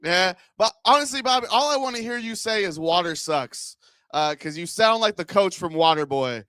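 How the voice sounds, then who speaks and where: A male stand-up comic working the crowd on a handheld mic, his fairly high voice smooth and clear. He rambles through bits and keeps breaking into laughs at his own lines. The sound is close and dry. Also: expressive, brisk, sharp tone, no room sound. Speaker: stand-up comedian. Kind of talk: stand-up set with crowd work. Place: comedy club stage.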